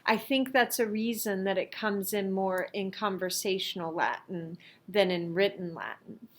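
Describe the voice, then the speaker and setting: A middle-aged woman teaching a lesson, explaining slowly and carefully with the odd filler as she reviews worksheets. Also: mid-range voice, slight background noise. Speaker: Latin teacher.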